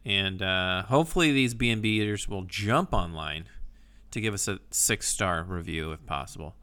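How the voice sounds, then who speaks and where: A man's voice: sits low, normal speed, pushed and bright, clean tone. A man co-hosting a casual podcast chat, teasing his partner with dry humor. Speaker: podcast co-host.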